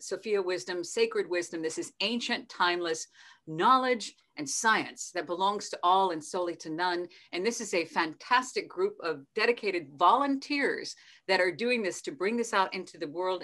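A bubbly woman hosts a casual video call with a bright, forward tone. She laughs easily and keeps things playful, and her voice comes through a call microphone. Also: medium pitch. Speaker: host.

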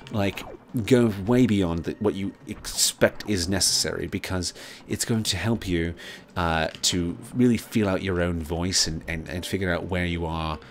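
Deep-voiced man rambling over gameplay. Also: fairly bright tone. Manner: rambling, many fillers and swearing. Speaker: gaming channel host. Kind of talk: casual let's play commentary.

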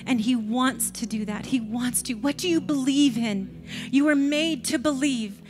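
A woman's voice: high-pitched, unhurried, music in the background. Older woman preaching with passion. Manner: impassioned, repetitive preaching that drops to whispers. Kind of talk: sermon. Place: church sanctuary.

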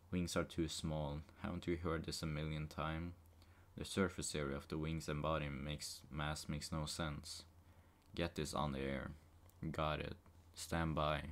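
A man reading a film script aloud as a deadpan joke, in a flat, unexpressive monotone. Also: rumbling low. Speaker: script reader.

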